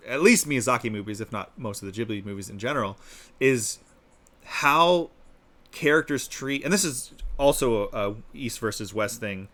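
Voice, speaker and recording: Animated man chatting on a livestream. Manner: animated, acts out quotes in a higher voice. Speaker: podcast co-host. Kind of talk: casual chat. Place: live-streamed podcast.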